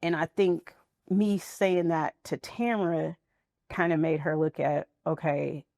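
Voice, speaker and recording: A woman's voice: on the low side, unhurried, darkish tone, dry recording, clean studio sound. A woman guest in a candid interview, talking frankly and reflectively about motherhood and friendship.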